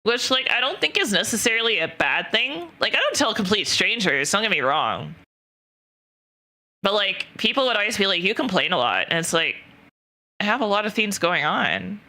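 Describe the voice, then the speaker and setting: A woman's voice: medium pitch, very animated, fairly quick, pushed and bright. A young woman streamer telling a personal story in casual chat, rambling with lots of fillers and frequent swearing.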